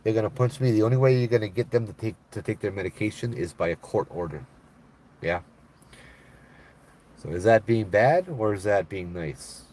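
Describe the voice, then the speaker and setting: Here a middle-aged man with a Hawaiian Pidgin-tinged accent casually shares stories on a live stream. His pitch is fairly low, his speed normal, and a faint hiss or hum runs underneath. Easygoing and quick to laugh, he becomes animated when quoting people.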